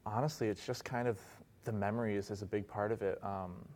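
Young male interview guest, low-pitched, easygoing, lots of "like" and "um". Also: brisk, slight background noise. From Arizona, US. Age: 20s. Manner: relaxed, many fillers and "like". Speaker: guest, resort concierge. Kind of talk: casual interview. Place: podcast studio.

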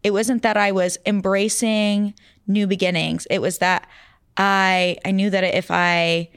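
A young adult woman, a guest in a casual interview, telling stories in an animated way and laughing often. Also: mid-range voice, unhurried, smooth, no echo, studio quality.

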